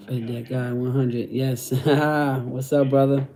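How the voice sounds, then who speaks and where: A man's voice: mid-range voice, flat delivery, slow pace, warm tone. A middle-aged man chatting casually on a livestream, using street slang and repeating phrases. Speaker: host reading live chat.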